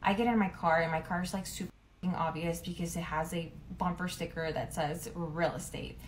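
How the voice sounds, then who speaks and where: A woman's voice: fairly low pitch, steady tone, brisk, a little hiss or hum. A young woman retelling a story casually, chatty and full of fillers. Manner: chatty, lots of "like", dramatic retelling.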